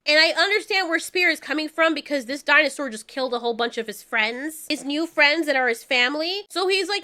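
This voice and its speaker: Woman ranting about a show, high bright voice, acts out every line, cusses a lot. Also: moderate pace, few pauses. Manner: animated, acts out characters' lines, swears freely. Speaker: reviewer. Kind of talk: casual show review.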